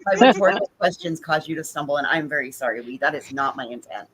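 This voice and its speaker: A woman's voice: sits low, animated, fast talker, a loud crowd, rough recording. A woman hosting a live panel, chatting casually and playfully.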